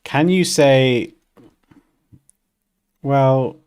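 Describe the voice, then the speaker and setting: A man's voice: mid-range voice, very slow, a little mellow, smooth. A man hosting a design livestream, chatting casually as he works and laughing often at himself.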